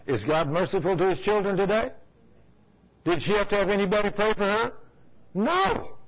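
A man's voice: high-pitched, muffled recording. A man preaching a sermon, telling a folksy story and asking the congregation rhetorical questions. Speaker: pastor. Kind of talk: sermon with anecdote.

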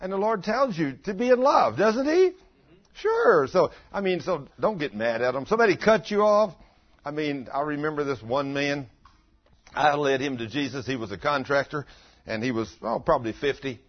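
Folksy older preacher, husky. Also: male voice, a little high, normal speed. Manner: homespun, animated, breaks into loud acted quotes. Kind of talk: folksy sermon with storytelling. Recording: dull lo-fi sound.

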